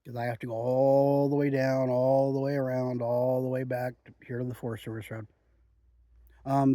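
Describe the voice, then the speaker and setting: A man's voice: medium pitch, dry recording. Chatty man rambling outdoors, dry sound. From Oregon. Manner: chatty, relaxed, frequent "um" and "you know". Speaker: outdoor vlogger reviewing chewing tobacco. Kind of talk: rambling casual monologue. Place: outdoors in the woods.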